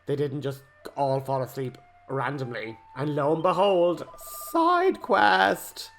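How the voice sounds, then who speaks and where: A man, rambling excitably while he comments on a role-playing game. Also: mid-range voice, moderate pace, soft background music. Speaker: let's play host. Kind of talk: gameplay commentary.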